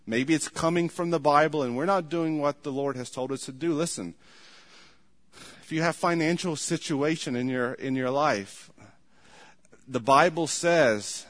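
Male pastor with a high voice, forceful pulpit delivery, long room reverb behind him. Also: unhurried. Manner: emphatic preaching, repeated "listen to me", sudden loud commands. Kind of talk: sermon.

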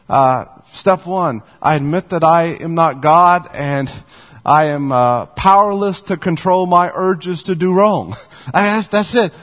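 A man preaching a sermon as pastor, earnest and repetitive, slowing down to stress the lines he quotes. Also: sits high, a bit bright, in a large hall.

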